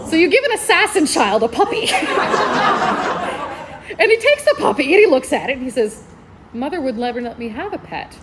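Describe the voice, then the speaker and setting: A woman's voice: high-pitched, slight background noise. A woman librarian giving enthusiastic book recommendations at a convention panel, laughing often as she talks. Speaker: librarian presenting book picks.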